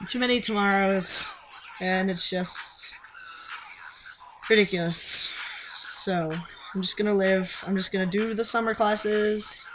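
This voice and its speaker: A man's voice: high voice, steady tone, normal speed, background noise. A young man, chatting casually to camera for a vlog, rambling with lots of fillers and restarts. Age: young adult. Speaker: vlogger. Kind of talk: casual confessional vlog chat.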